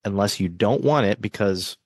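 Friendly low-voiced male podcast host. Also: normal speed, no echo, studio quality. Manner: friendly, joking, earnest. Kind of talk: casual chat.

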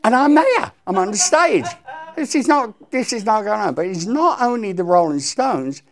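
Animated older man telling stories. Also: high-pitched, moderate pace. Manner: animated storyteller, acts out quotes. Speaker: guest musician. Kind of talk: storytelling interview.

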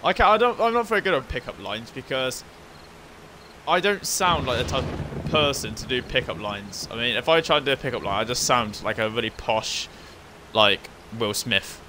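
A man's voice: medium pitch, animated, normal speed, background noise. A man chatting casually while playing a game, cracking jokes, swearing freely and laughing a lot, on a headset mic. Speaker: let's play co-host. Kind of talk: casual gaming banter.

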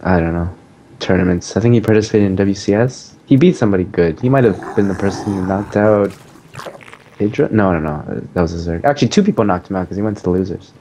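A man's voice: deep voice, fast talker, warm tone, slight background noise. A man co-hosting a casual gaming podcast in an easygoing way, laughing often and trailing off mid-thought. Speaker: podcast co-host.

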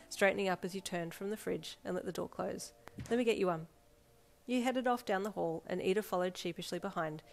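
Lowish-voiced woman narrating fan fiction. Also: gravelly. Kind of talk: second-person audiobook narration. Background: soft backing music.

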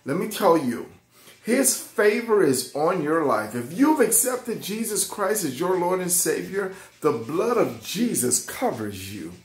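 A man teaching an excited Bible lesson to children, fervent and repeating his phrases. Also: high voice, a little slow, roomy sound. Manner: fervent, repeats phrases, keeps saying "watch this" and "y'all".

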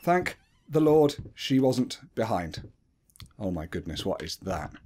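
A man's voice: fairly low pitch, sing-song, a little slow, darkish tone, slight background noise. Jumpy man narrating a horror game. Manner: jumpy, swears, talks to himself while playing. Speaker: gaming video creator.

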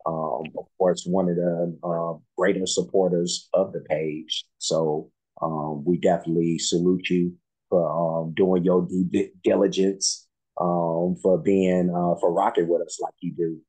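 Man, reaction host, deep husky voice, dark tone, rambling casual chat. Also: little pitch movement, measured pace, low-quality recording. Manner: rambling, filler-heavy, friendly.

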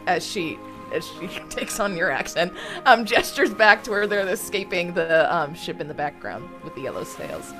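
A woman's voice: on the low side, lively intonation, moderate pace, over music. A woman player describing her character's actions in a tabletop game, giggly and descriptive. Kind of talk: tabletop role-play narration.

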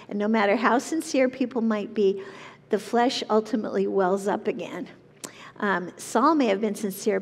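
A woman leading a Bible study, reading verses aloud and explaining them in an earnest, measured way. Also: mid-range voice, big-room sound. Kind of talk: reading and teaching scripture.

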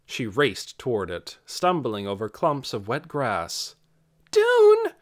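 A male audiobook narrator reads with a lively, rising and falling voice. His storytelling is expressive and scripted. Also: lowish voice, measured pace.

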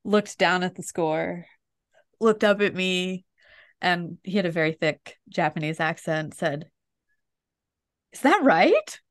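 A woman's voice: fairly low pitch, steady tone, unhurried, dry recording, studio quality. A middle-aged woman and flutist telling wry, self-deprecating stories in a casual podcast chat.

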